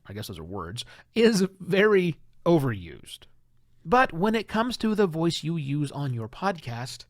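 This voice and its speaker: A man hosts his own podcast, speaking in a lively, emphatic way. His voice sits slightly high and swings widely in pitch. He is recorded close on a dry mic. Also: dry recording. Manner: animated, conversational, emphatic. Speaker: podcast host. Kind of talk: solo podcast commentary.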